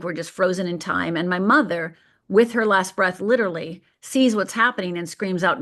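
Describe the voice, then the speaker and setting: A middle-aged woman from Michigan tells her own story as a podcast guest. She speaks vividly and lets key moments land with deliberate pauses. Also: on the low side, fairly bright tone. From Upper Peninsula of Michigan. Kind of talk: telling a personal story on a podcast.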